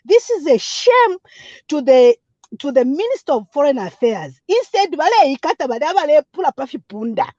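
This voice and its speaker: A woman calls in with impassioned political comments, emphatic and repetitive, switching between languages. Her high voice is very animated and mellow, moving at a moderate pace. The line sounds dull, dry, and lo-fi, with no room sound.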